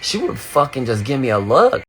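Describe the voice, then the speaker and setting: A young man chatting casually on a phone livestream, telling stories in a campy, profane way, with sudden high squeals when he quotes people. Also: huge pitch swings, moderate pace, a bit bright, slightly rough. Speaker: streamer on a live video. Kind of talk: casual storytelling chat.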